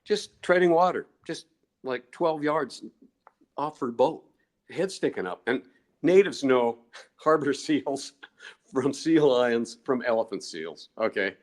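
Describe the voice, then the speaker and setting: Older male interview guest; digressive, chuckling storyteller at an average pitch. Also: expressive, takes it slowly. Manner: rambling, digressive, chuckles often. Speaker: guest researcher.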